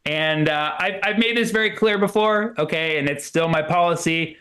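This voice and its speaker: A man performing a rambling stand-up set at a comedy club, full of fillers and quick put-on voices for the people he quotes. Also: on the high side, bright, forceful tone.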